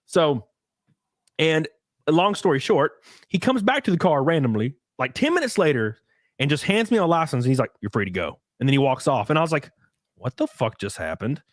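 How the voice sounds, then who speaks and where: A man's voice: a little high, fairly quick, dry recording, clean studio sound. A man hosting a casual podcast, telling a story with lots of swearing and acted-out quotes. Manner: animated storytelling, acts out quotes with profanity. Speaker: podcast host.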